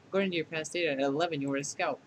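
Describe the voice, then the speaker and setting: A man's voice: rapid-fire, a little hiss or hum, lightly acted, low-quality recording. A man voicing a condescending, clingy female AI program in a fan dub of a dating game, with mocking, clinical put-downs. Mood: taunting. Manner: deadpan scolding that tips into shrill outbursts.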